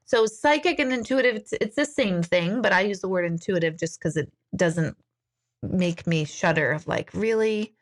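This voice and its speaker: A woman's voice: medium pitch, moderate pace. A woman hosting a casual live-stream Q&A from a room at home. She talks informally, reads viewer comments aloud and laughs easily. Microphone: live-stream device mic.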